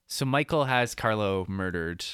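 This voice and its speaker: A man's voice: fairly low pitch, lively intonation, measured pace, fairly bright tone, clear, resonant tone, dry recording, clean studio sound. A man in his thirties co-hosting a film podcast, joking as he recaps scenes. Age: 30s. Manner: jokey, slips into mock character voices. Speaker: podcast co-host. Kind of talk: casual film discussion.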